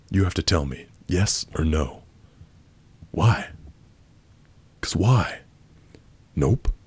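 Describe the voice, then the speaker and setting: A man's voice: low voice, a little mellow, slightly rough. A man performing a crude prank role-play as he reads a chat aloud, with a blunt, abrasive manner and sudden outbursts.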